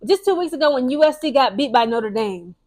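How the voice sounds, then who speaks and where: A young woman talks straight to her viewers in a casual sports vlog. Her voice sits high, and she drives her points hard, checking in with "okay?" and "guys" as she goes. She talks fast and chatty, restarting and repeating words along the way. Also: expressive, a little mellow. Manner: emphatic, keeps tagging lines with "okay?" and "guys". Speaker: sports commentary vlogger. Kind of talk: casual opinionated sports commentary.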